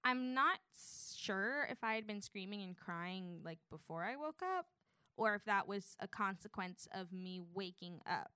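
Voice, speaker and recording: A woman's voice: medium pitch, animated, unhurried, sharp tone, clear, resonant tone, dry recording, studio quality. A young woman, a student, narrating a personal story in a wry tone. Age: young adult.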